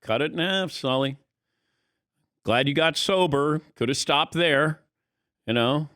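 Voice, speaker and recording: A man's voice: on the high side, measured pace, no echo, clean studio sound. A man hosting a sports talk radio show, telling a story and acting out the dialogue in casual chat. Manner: animated storyteller, acts out dialogue. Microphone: studio microphone.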